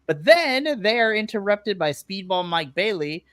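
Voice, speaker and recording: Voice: mid-range voice, big pitch swings, measured pace, a bit bright, dry recording. Chatty, laughing podcast co-host, dry close sound. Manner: chatty, laughs often, acts out own reactions. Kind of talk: casual wrestling recap. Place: remote live stream.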